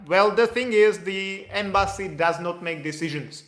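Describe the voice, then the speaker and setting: Guy answering viewer questions, kinda high voice, rambly explaining, echoey room. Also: normal speed, hardly any pauses, fairly bright tone. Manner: explanatory, loose, with fillers and restarts. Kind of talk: casual Q&A livestream.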